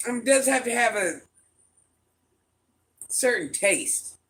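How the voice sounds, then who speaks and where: A man's voice: very high-pitched, expressive, slow pace, fairly bright tone. A man with a mixed country accent chatting playfully on a live stream, answering viewers' comments. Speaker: livestream host reading chat. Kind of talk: casual live-stream chat.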